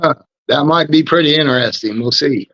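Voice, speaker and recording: Chill guy co-hosting a sports chat, short answers, slightly high voice, muffled dry stream. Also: brisk, bright, forceful tone, no echo. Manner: brief, laid-back replies. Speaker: co-host. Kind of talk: casual chat.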